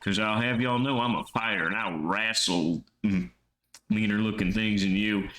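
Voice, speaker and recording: A Texan man voicing a feisty, suspicious Southern woman photographer with a slow, exaggerated drawl. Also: lowish voice, a bit bright, close to an everyday voice. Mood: defiant. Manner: brash, scolding, quick to bristle.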